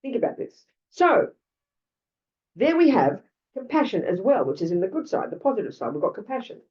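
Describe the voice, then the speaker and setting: A woman's voice: mid-range voice, sing-song, a little fast. An older Australian woman giving a Buddhist dharma talk in a blunt, conversational way, full of asides to her listeners. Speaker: Buddhist teacher. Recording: lo-fi, distant mic.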